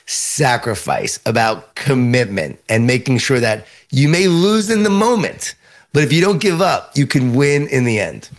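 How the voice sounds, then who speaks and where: A middle-aged man with a Long Island New York accent, a guest author giving lively storytelling answers in an interview. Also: medium pitch, measured pace.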